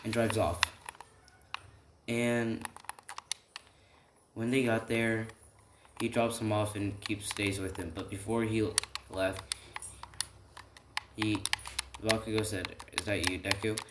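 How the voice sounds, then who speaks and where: A man's voice: on the low side, little pitch movement, slow pace, pauses often, very noisy. A man telling an improvised fan story in a rambling way, with many restarts and tag questions. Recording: echoey room, faint typing.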